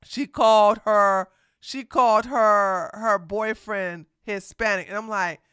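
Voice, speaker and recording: A woman's voice: mid-range voice, steady tone, takes it slowly, a bit bright, clean tone, no echo. A woman hosting casual reaction commentary. She is blunt and sassy and laughs often. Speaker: commentary host.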